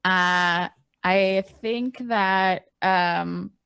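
A woman's voice: lowish voice, fairly even intonation, drawn-out words, creaky, fairly bright tone, clear, resonant tone, no echo. A woman playing a tabletop game, casual and swearing, with a self-mocking manner. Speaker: player.

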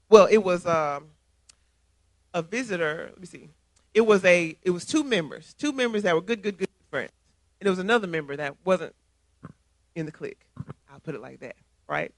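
A man's voice: sits high, dry recording. A man, a church elder, preaching a sermon, reading scripture and telling stories in an emphatic, conversational way. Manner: emphatic, conversational, animated storytelling.

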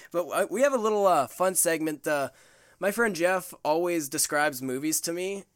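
A man's voice: on the high side, a little slow, clear, resonant tone, dry recording, studio quality. A man hosting a casual podcast, chatty and laughing between phrases. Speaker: podcast host.

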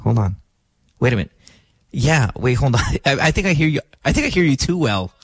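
A man hosting a morning radio show in a studio, talking casually in an animated, joking, playfully dramatic way. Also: medium pitch, brisk, slightly rough, dry recording. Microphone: studio microphone.

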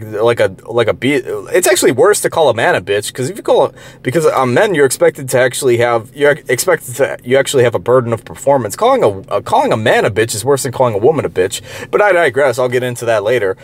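A man ranting in a profane monologue, heated and derisive, rambling with many restarts and filler words. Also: medium pitch. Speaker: online commentator.

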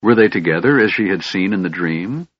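A man narrating a fantasy audiobook in a measured storytelling manner, in a dull lo-fi recording. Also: low voice, lively intonation, a bit bright, breathy edge, no room sound.

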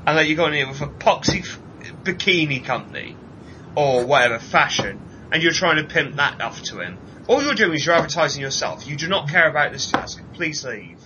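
A man co-hosting a casual chat show, ranting animatedly and mocking people in put-on high voices. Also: lively intonation, brisk, muffled recording, noisy background. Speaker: podcast co-host.

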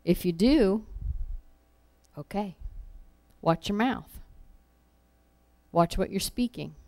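Slow, mellow-voiced woman preaching a sermon. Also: medium pitch, lively intonation. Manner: earnest, repeats phrases for emphasis.

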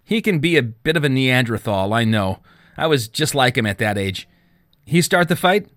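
A man's voice: medium pitch, lively intonation, normal speed, fairly bright tone, no echo, studio quality, lightly acted. A man doing a smug, folksy police chief. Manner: folksy, condescending. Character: smug, smoking middle-aged police chief.

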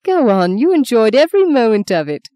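A woman's voice: a little high, sing-song, fairly quick, mellow, no echo, voice pushed up. Woman voicing a witty, flippant young woman. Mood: lively.

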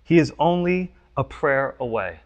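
A man's voice: mid-range voice, lively intonation, a little slow, highs cut off. A man preaching a conversational sermon as pastor, often asking the listeners questions. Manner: conversational, frequent "you know" and "right?".

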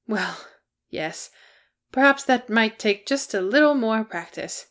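A woman's voice: fairly high pitch, lively intonation, slow pace, a bit bright. A woman voicing a fussy, polite male hobbit with a dry, genteel manner in a storybook reading.

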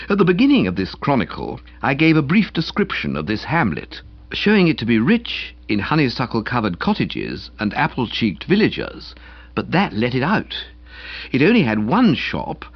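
Animated audiobook narrator, male, husky, very lively pitch, dry close mic. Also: no echo. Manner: wide-ranging, animated storytelling delivery. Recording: slightly dull lo-fi recording.

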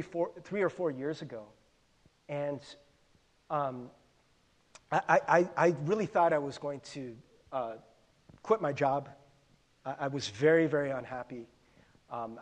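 A middle-aged man preaching a conversational sermon as a pastor, often stumbling over repeated words. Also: fairly high pitch. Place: church sanctuary.

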